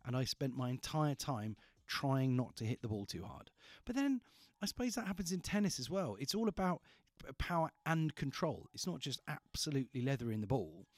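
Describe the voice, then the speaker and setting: A man's voice: mid-range voice, no room sound. A man hosting a radio show, chatting in a loose, playful way and tripping over his own sentences as he goes. His voice sits in a medium range. It sounds close and dry in a studio. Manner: rambling and playful, often restarting his sentences. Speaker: radio host. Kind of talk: casual radio chat.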